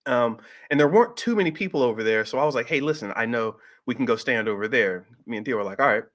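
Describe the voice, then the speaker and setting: A middle-aged man telling a personal story in a casual, animated way, jumping up in pitch when he acts out what people said. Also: fast talker. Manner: animated, acts out quoted voices with pitch jumps. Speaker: host.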